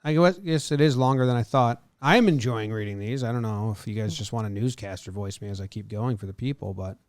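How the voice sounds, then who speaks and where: A man's voice: mid-range voice, fast, dry recording, studio quality. A man co-hosting a casual sports podcast, reading injury reports aloud and breaking off to joke and comment. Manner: reads news items aloud, then jokes and comments.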